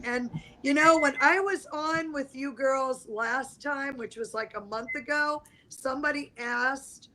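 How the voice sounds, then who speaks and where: A woman's voice: high voice, sharp tone, rough recording. A woman guest explaining astrology in a rambling, conversational way over a video call. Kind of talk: casual livestream chat.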